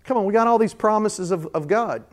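Preaching to his church congregation, a pastor speaks a little fast in a high, light voice. His sermon is conversational, with everyday scenes acted out, and it climbs into fervent, repeated calls.

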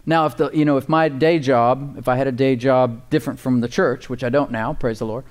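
A man's voice: mid-range voice, fairly even intonation, fairly quick. A man preaching a sermon as pastor, emphatic, with call-and-response asides and repeated words for emphasis.

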